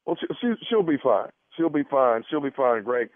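A man's voice: mid-range voice, very animated, moderate pace, no room sound, natural voice. A man on a radio prank call, playing a smarmy doctor who stammers and hints. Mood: sly. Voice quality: stammering, sly, suggestive. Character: smarmy male doctor prank-calling a husband. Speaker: prank caller. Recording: phone-like band-limited sound.

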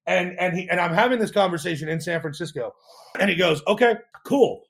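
A man, a startup co-founder, telling an animated story in a podcast interview, acting out quotes with frequent restarts. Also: sits high, quick pace, vocal fry, a little hiss or hum.

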